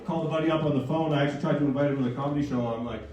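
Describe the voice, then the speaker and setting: A man in his thirties from Canada delivers a rambling, self-deprecating stand-up set in a fairly high voice. He is picked up from a distance in a very echoey comedy club. Audience laughter rises around him. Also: racing, crowd noise. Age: 30s.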